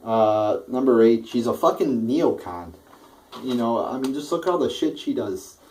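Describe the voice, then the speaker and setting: A man's voice: mid-range voice, lively intonation, normal speed, darkish tone, rough recording. A man delivering a blunt, profane political rant, rambling with many restarts. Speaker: political vlogger.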